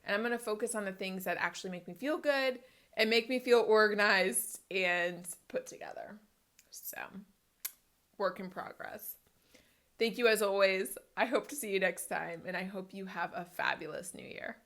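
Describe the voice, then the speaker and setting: A woman in her thirties talks to her viewers in a casual, upbeat way. Her speech rambles and jumps between thoughts. It sounds like a relaxed home vlog. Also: mid-range voice, normal speed. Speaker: vlogger. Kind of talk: casual talk to camera.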